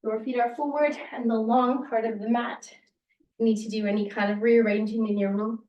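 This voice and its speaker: Roomy yoga teacher guiding a class. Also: female voice, on the high side, level tone, normal speed, lo-fi sound. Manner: encouraging, counting down breaths. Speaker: yoga instructor. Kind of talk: guided yoga class instruction. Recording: roomy sound, distant from the mic.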